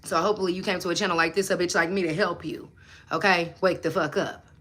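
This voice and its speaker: A young woman, speaking in a bright, forceful voice that sits a little low in pitch. She talks bluntly and preachily, swearing freely and hammering home her points as she chats with viewers on a livestream. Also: fairly even intonation, fast. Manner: blunt, profane, preachy and emphatic. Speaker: manifestation coach and livestream host. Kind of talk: casual livestream chat with viewers.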